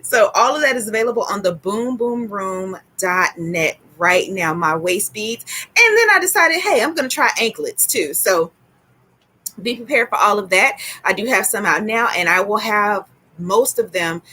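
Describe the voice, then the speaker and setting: A woman hosting a casual tarot livestream, chatty and excitable, greeting viewers by name as she goes. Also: mid-range voice, normal speed, husky. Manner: sprinkles in laughs and exclamations. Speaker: tarot reader and livestream host.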